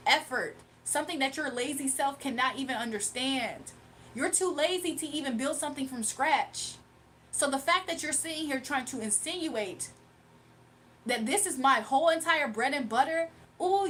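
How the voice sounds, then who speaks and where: A young woman hosts a casual livestream, speaking directly to her chat in a high, slightly bright voice. She comes across as combative and mocking while brushing off critics, with faint room ambience and a little hiss or hum under her webcam mic.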